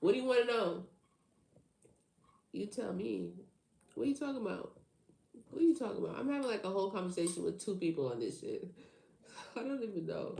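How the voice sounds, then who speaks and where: A woman's voice: medium pitch, very animated, fairly quick, gravelly, pauses often, dark tone, echoey room. A woman hosting a tarot livestream, chatting casually with viewers in a teasing, slangy way and laughing often. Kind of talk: casual live chat with viewers.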